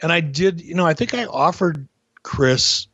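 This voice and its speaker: A middle-aged man hosting a casual podcast, animated and profane, often restarting his sentences. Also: fairly high pitch, normal speed, breathy edge, no room sound, dull audio. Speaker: podcast host.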